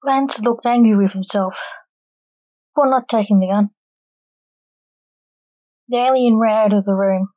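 Mellow woman reading a story aloud. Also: mid-range voice, a little slow, pauses often, dry recording, poor audio.

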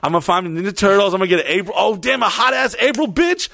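A man's voice: high-pitched, animated, rapid-fire, vocal fry, sharp tone, dry recording. A young adult man co-hosting a podcast, rambling profanely through crude comedic banter. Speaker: podcast co-host.

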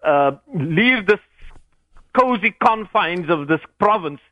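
High-voiced man ranting over a phone line. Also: lively intonation, takes it slowly, no echo. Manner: impassioned, rambling political argument. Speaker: caller. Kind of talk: phone-in talk radio. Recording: dull dry phone-in audio.

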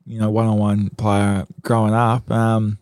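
A man's voice: fairly low pitch, completely flat delivery, unhurried, a little mellow, clear, resonant tone, no echo. A man in his late twenties with an Australian accent, a footballer answering questions in a casual chat, laid-back and modest, with plenty of ums. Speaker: professional footballer, guest.

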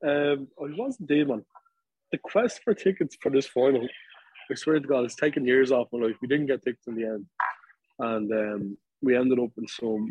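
Husky Dublin man telling a story. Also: mid-range voice, highs cut off. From Ireland. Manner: animated storytelling, lots of fillers and swearing. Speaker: podcast co-host. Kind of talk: casual chat.

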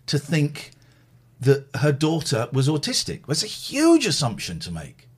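A man hosting a chat show, telling stories in a rambling, animated way. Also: a little high, unhurried, husky. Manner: rambling, lively, mimics others. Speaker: podcast host.

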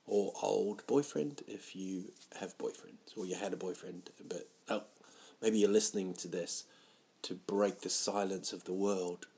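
A man rambling through a comic monologue, mocking himself and jumping into loud, silly voices. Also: low-pitched, vocal fry. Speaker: comedian doing a solo audio show.

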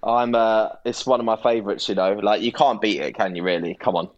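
A man's voice: lowish voice, fairly even intonation, brisk, highs cut off. A young man from North London with a London accent, chatting casually as a guest and laughing easily. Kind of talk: casual chat.

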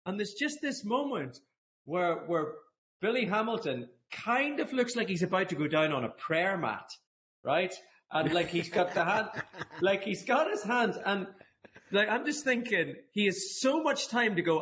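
A man guest on a podcast, retelling football memories in lively casual chat full of restarts and laughter. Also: sits high, measured pace, slight background noise. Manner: lively storyteller, many restarts, frequent laughs.

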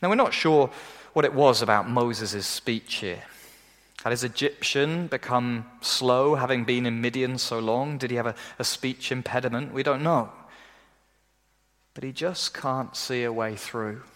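A man delivering a sermon in a lively, animated way, his voice sitting at an ordinary middle pitch. He often slips into the voices of the people he quotes. The recording carries a long, ringing hall reverb. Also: unhurried. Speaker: preacher.

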